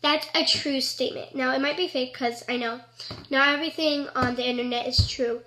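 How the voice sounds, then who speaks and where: A woman's voice: high-pitched, fairly even intonation, a little fast, bright, forceful tone. A woman vlogger talking casually to camera, earnest and rambling with lots of "like".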